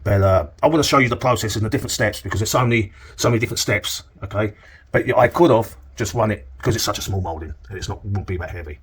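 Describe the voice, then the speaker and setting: A man's voice: fairly low pitch, fast, breathy edge. A middle-aged man, giving a chatty, joking on-the-job plastering demonstration and checking in with "okay?" as he goes. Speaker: plasterer demonstrating cornice work. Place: indoor room on a work site.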